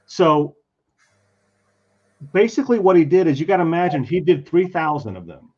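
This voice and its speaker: On the high side and at an ordinary pace, a comic artist's voice carries a casual convention anecdote told while drawing. He animatedly impersonates the people he quotes, and the stream audio is dull and lo-fi.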